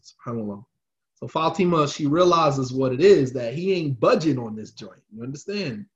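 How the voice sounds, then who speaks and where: A man's voice: mid-range voice, lively intonation, normal speed, muffled recording. A man telling a religious story in a casual, slangy lecture style, repeating lines for emphasis.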